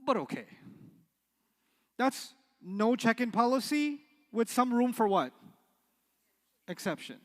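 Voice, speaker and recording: A middle-aged man teaches an Arabic class, full of energy, slipping into the voices of the people in his stories and tossing questions at the room. His voice sits high. It carries a long reverb, like a large lecture hall. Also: slow pace, pauses often. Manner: animated, acts out quoted voices, asks the class questions. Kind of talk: lecture with storytelling.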